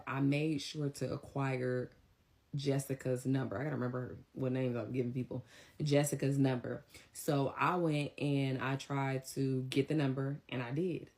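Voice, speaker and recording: Young woman, low voice, casual storyteller, blunt and animated. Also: gravelly. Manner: animated, blunt, acts out dialogue.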